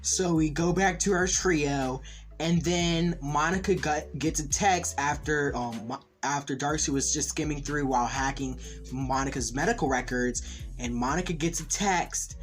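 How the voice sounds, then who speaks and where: A man casually recapping and reviewing a TV episode, rambling with lots of "like" and excited fan enthusiasm. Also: a little high, a little slow, soft background music. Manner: rambling, heavy use of "like". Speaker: TV series reviewer.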